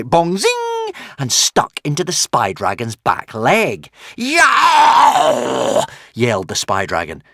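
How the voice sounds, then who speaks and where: A man narrating a children's adventure audiobook in an animated, dramatic way with playful asides. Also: mid-range voice, no echo, clean studio sound. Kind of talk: expressive storybook narration.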